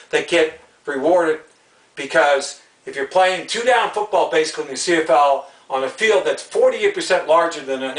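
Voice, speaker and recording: A man from Canada delivers a furious solo rant, piling up repeated phrases and stammering as he restarts. His voice sits high. He sounds a little back from the mic in an echoey room. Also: fairly bright tone, far from the mic. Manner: angry, repetitive, stammering restarts. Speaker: video ranter about football rules. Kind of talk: heated solo rant video.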